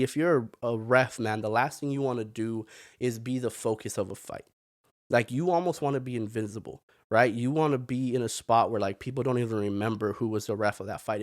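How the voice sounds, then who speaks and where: A man's voice: mid-range voice, no echo. Opinionated man riffing on fights, dry sound. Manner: opinionated, rambling, says "man" often. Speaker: podcast host. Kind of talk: casual sports commentary.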